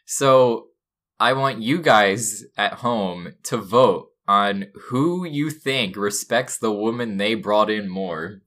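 Slow and on the low side with a slightly bright tone, this young adult co-host trades comedic banter on a podcast from a dorm room, sounding mock-earnest and rambling.

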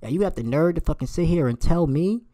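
A man in his late twenties delivers a heated storytime rant, emphatic and profane, his voice jumping high whenever he gets outraged. He's expressive, talks at a quick pace, and sounds mellow.

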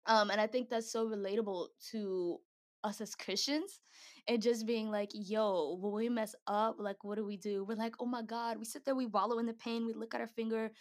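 A woman's voice: fairly high pitch, fairly even intonation, normal speed. Young woman, casual devotional speaker, chatty and joking. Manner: chatty, slangy, laughs often, acts out quotes. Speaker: speaker at a Christian gathering.

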